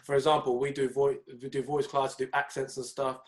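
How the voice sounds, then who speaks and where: Young man, casual podcast co-host who tells lively stories. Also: mid-range voice, fairly quick. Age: young adult. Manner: animated storytelling, mimics people in raised voices. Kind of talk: casual chat.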